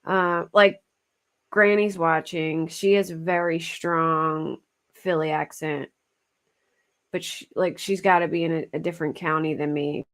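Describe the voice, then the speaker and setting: A woman's voice: lowish voice, a bit bright. Woman, Philadelphia accent, casual livestream chat, giggly, rambling. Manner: chatty, laughs often, self-conscious about her pronunciation. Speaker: true crime livestream host. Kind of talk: casual chat with live chat viewers.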